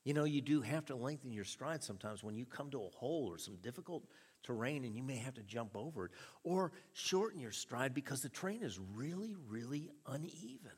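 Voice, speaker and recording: A man preaching a sermon, telling a story with chuckles and an animated delivery. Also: mid-range voice, brisk, husky. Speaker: pastor. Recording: reverberant hall.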